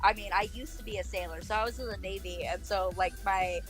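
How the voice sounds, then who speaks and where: A woman's voice: mid-range voice, fairly even intonation, quick pace, faint music behind. A woman guest in a casual interview, talking bluntly and laid-back about her crude humor. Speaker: guest streamer. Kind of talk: casual chat.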